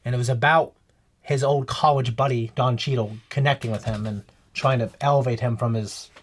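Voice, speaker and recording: A man's voice: mid-range voice, brisk. A man co-hosting a reaction show, chatting casually and telling rambling stories full of restarts. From Philippines heritage. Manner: rambling, animated storytelling with restarts. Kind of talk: casual chat.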